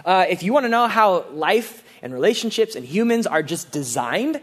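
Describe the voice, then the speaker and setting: Earnest high-voiced male preacher. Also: very animated, brisk, few pauses. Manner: earnest, conversational preaching with many fillers and restarts. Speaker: pastor. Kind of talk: sermon.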